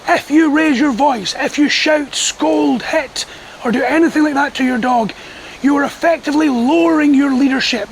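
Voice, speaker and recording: A dog trainer talks through his methods in a calm, firm, measured lesson. His voice sits very high with a gravelly edge. Light background noise and passing traffic sit under the speech. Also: poor audio. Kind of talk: instructional talk to camera.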